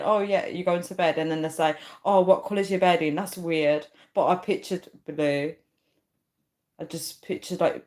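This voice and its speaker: A woman hosting a livestream, talking loosely to her viewers and answering their comments. Her voice sits fairly low for a woman, and she often trails off and starts over mid-sentence. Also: a little mellow. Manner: chatty, trails off and restarts, reads comments aloud. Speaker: YouTube live streamer. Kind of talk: casual live-stream chat reading comments.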